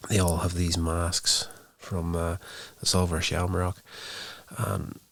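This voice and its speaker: A man's voice: deep voice, flat delivery, slow pace, creaky, fairly bright tone, dry recording. A man hosting a podcast, casually recounting a movie's plot in a rambling way with many fillers. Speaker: podcast host reviewing a movie. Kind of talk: casual spoken movie review.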